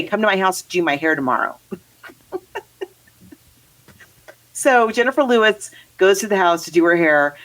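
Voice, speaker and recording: Chatty woman reviewing a movie, lowish voice. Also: fairly bright tone, poor audio. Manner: chatty, rambling, laughs often. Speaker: podcast co-host. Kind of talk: casual movie review chat.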